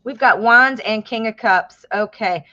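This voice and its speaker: A woman's voice: on the high side, measured pace, no room sound, dull audio. Chatty woman in her fifties reading tarot. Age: 50s. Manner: chatty, excitable, exclaims often. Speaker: tarot reader. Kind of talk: live-stream tarot reading.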